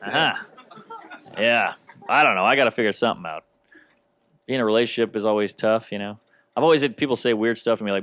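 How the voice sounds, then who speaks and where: A male stand-up comedian with a wry, deadpan, self-deprecating delivery, doing a comedy set. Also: fairly low pitch, quick pace, long pauses, no room sound. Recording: noisy recording of a comedy special.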